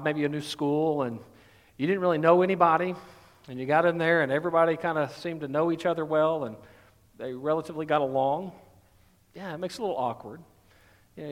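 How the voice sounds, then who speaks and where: Middle-aged Southern-accented pastor, relaxed and chatty, a touch high-pitched, preaching in a big reverberant room. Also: male voice. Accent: light Southern US. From Texas. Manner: folksy, conversational, many fillers. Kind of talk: sermon.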